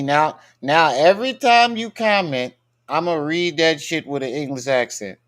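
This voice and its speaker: A man's voice: a little high, expressive, moderate pace, a bit bright. A man hosting a live stream, talking in a blunt, profane, mocking way as he reacts to a video. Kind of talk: casual live-stream commentary.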